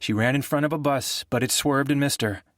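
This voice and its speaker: A measured hospital doctor in an audiobook, consoling yet firm as he steers grieving family members, as a male narrator gives him voice. The voice sits a little above the reader's own and is recorded dry and close. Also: mid-range voice, a bit bright, dry recording, pitched above the performer's own voice, close to an everyday voice. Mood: calm. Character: calm hospital doctor, middle-aged man.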